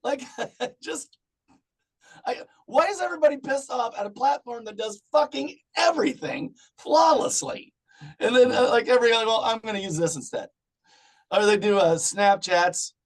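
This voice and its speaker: A middle-aged man in casual chat as a podcast guest, swearing often and breaking into loud rants. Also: very high voice, animated, normal speed. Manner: profane, ranting, loud bursts.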